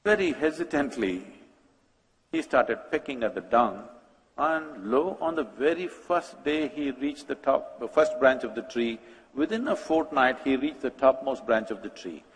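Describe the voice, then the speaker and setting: A man's voice: mid-range voice, big-room sound. A man giving a public spiritual talk, questioning the audience with dry humor. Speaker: spiritual speaker.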